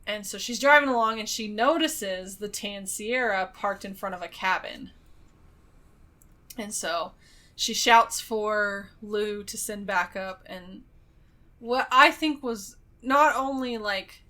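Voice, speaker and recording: A woman co-hosting a podcast casually retells a film's plot, full of fillers and little laughs. Her mid-range voice is bright and forceful, and she speaks slowly.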